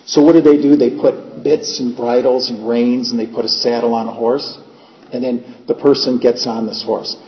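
A man's voice: medium pitch, steady tone, normal speed. A man preaching a sermon in a plainspoken way, using homely examples and repeating his points. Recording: echoey hall, dull lo-fi sound, faint noise.

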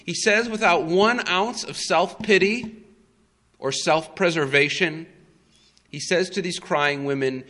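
A male preacher retelling a story in a sermon, dramatic and emphatic with long pauses. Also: a little high, bright, forceful tone, in a large hall.

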